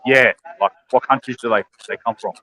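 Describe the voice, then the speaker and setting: Fast-talking Australian man. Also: medium pitch, fairly even intonation, pushed and bright, no room sound, low-quality recording. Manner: rapid, laid-back, full of lad and bro. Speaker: guest caller. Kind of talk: casual chat.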